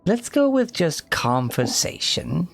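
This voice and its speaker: A man narrating as game master of a tabletop role-play stream, relaxed and rambling. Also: on the high side, takes it slowly, gravelly. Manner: relaxed, rambling with many fillers. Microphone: home mic on a live stream.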